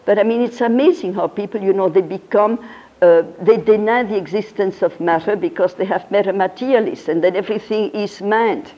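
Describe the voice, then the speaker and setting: A woman gives a religious philosophy lecture in a mellow, dark-toned voice, pressing her points with emphasis and rhetorical questions. The recording is muffled and lo-fi. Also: mid-range voice, a little fast. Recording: dull lo-fi recording.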